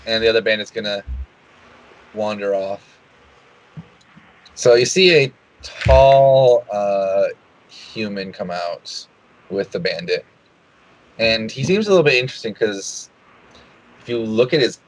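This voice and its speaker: Game master, man, lowish voice, halting narration with lots of restarts. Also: poor audio. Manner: hesitant, many restarts and fillers.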